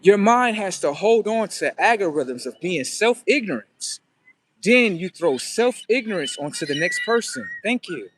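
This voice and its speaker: Male livestream host, higher than usual voice, loose and profane, rambling and preachy. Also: very animated, a little slow, slight background noise. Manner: profane, rambling, talks back to viewers. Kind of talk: casual livestream monologue.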